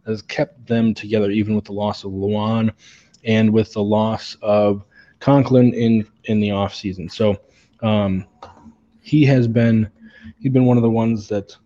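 A man's voice: on the low side, little pitch movement, measured pace, warm tone, muffled recording. A man co-hosting a sports podcast, breaking down players with many fillers and repeated words. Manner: analytical, hesitant fillers and repeats. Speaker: podcast co-host. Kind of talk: casual sports podcast chat.

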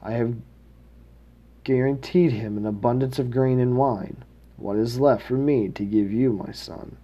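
A man's voice: medium pitch, measured pace, warm tone, highs cut off. A man reading as an aged patriarch father. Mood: solemn. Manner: plain read-aloud delivery with small slips. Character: aged blind father, a patriarch giving blessings.

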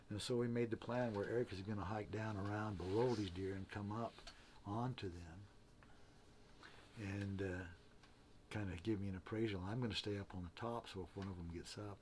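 Earnest low-voiced man telling a story. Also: darkish tone, a little hiss or hum. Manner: halting, often repeats and restarts words. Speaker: interview guest. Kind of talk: casual spoken storytelling.

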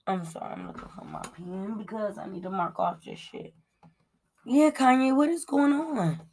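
A woman hosts a loose celebrity gossip commentary at a middling pitch, talking straight to her viewers. She is blunt and animated, swears freely and stumbles over her notes with plenty of ums. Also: normal speed, slight background noise. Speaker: commentary show host.

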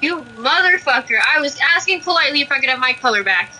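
A woman's voice: high voice, lively intonation, quick pace, bright, forceful tone, slight background noise, poor audio. A woman playing a video game with her cousin, blunt and laid-back, swearing casually. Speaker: cousin and fellow player. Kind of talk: casual gaming banter.

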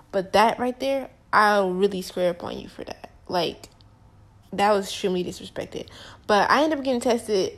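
A young woman telling a personal story to the camera in a casual, slangy, emphatic way. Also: medium pitch. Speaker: vlogger.

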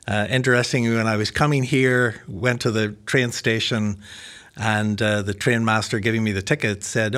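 Older pastor with Irish-American accent, chatty guest, self-mocking humor. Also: male voice, on the low side, steady tone, moderate pace, fairly bright tone. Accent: Northern Irish mixed with American. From Northern Ireland. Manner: chatty, self-deprecating, laughs at his own jokes. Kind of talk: casual interview conversation.

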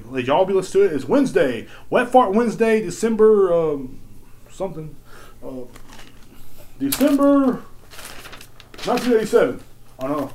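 A man's voice: on the high side, a little hiss or hum. Profane, rambling podcasting man. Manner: excitable, jumps between loud outbursts and mutters. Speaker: podcast host. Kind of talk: casual solo podcast rant.

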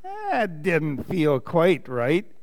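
A man's voice: fairly high pitch, wildly swooping pitch, extremely slow, no echo, exaggerated voice. A man voicing a lonely young bear who wants a hug, in an eager, wistful storybook voice. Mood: musing. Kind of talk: reading a picture book aloud.

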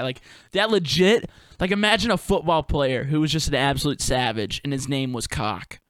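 A man's voice: a little high, a little fast, a bit bright, no echo, studio quality. A young man hosting a solo podcast, musing in a loose, profane, laid-back way full of slang and fillers. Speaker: podcast host and touring performer. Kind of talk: rambling solo podcast monologue.

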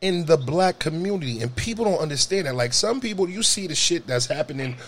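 A young adult man telling a story in casual talk, animated and profane, jumping to high shouts. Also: fairly quick, over a noisy crowd. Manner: animated, profane, jumps to high shouts when acting out scenes.

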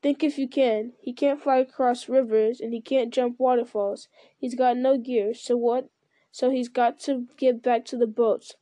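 A woman's voice: fairly high pitch, fairly even intonation, measured pace, dark tone, dry recording, lightly acted. A woman voicing an earnest, plain-spoken male hobbit servant in a read-aloud story. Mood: determined.

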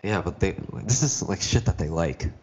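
A man's voice: low-pitched, expressive, normal speed, a little mellow, slightly rough, dull audio. A teenage boy hosting a podcast, telling stories in casual chat and swearing freely. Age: teens. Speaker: podcast host.

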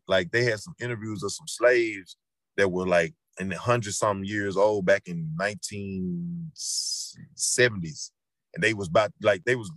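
A man's voice: on the low side, fairly bright tone, no room sound. A middle-aged man with a Memphis Southern accent, talking earnestly and repetitively as a guest in a casual interview. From Memphis, Tennessee. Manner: earnest, repetitive, preachy storytelling. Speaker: rapper guest.

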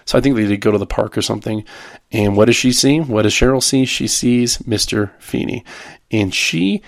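A man with a fairly low voice hosts a podcast, talking through a sitcom episode in an easygoing, rambling way. He trails off and restarts often, with plenty of ums. The sound is close and dry. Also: normal speed, gravelly, no echo. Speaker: podcast host. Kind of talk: casual episode recap.

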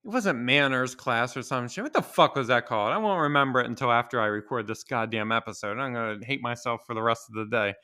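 A man's voice: medium pitch, animated, fast talker, hardly any pauses, sharp tone, clean tone. A young man hosting a solo podcast, ranting with opinions, swearing a lot and laughing as he talks. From Maryland. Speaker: podcast host.

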